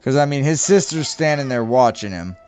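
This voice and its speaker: A man's voice: mid-range voice, expressive, fairly quick, darkish tone, soft background music. A man playing a tabletop game, describing his character's actions hesitantly. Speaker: player.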